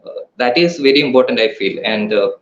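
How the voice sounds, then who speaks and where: A male student answers hesitantly, restarting and filling his pauses. The sound is roomy and echoey, and the audio is dull and lo-fi. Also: medium pitch, animated, a bit bright. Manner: hesitant, many fillers and restarts. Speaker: student, exam topper. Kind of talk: interview answer.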